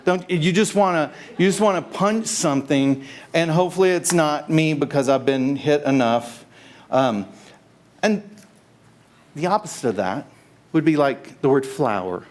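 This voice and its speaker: A middle-aged man giving a casual, halting sermon and prayer in church, joking with the congregation. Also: on the high side, expressive. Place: church sanctuary.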